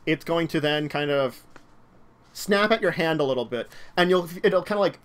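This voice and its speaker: A man's voice: fairly high pitch, lively intonation, moderate pace, smooth. A man running a tabletop game as game master, narrating with many fillers and hesitations. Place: home room, online stream.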